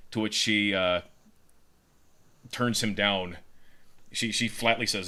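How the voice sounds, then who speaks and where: Guy co-hosting a pod, pitching a story, rambly with lots of ums, low but bright. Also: takes it slowly, long pauses. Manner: rambling, with many fillers and repeated words. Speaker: podcast co-host.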